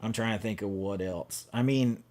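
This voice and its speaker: This man's voice is fairly low and darkish, at a moderate pace. He's the host of a casual horror movie livestream, reading out viewer comments and rambling along with fillers and restarts.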